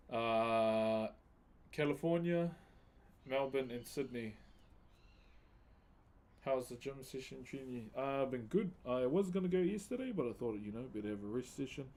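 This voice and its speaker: A laid-back man with a New Zealand accent, chatting casually with viewers on a live stream while he carves wood, greeting them by name in relaxed slang. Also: mid-range voice.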